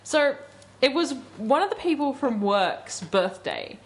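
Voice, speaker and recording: Young female radio co-host, high-ish voice, giggly storyteller, casual chat. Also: sing-song, a little slow.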